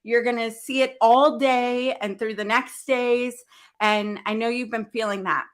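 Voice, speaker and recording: A woman hosting a business event livestream, talking earnestly and with deep feeling, open about her faith, often starting sentences over. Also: steady tone, unhurried. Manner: earnest, heartfelt, faith-filled, rambling with restarts. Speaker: event host. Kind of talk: emotional livestream talk.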